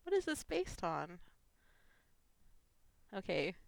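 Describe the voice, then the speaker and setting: Giggly, slow-talking woman vlogger. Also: fairly low pitch, very animated, gravelly, dry recording. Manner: giggly, gushing, emotional. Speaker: fan fiction vlogger. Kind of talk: casual chat reading gifts.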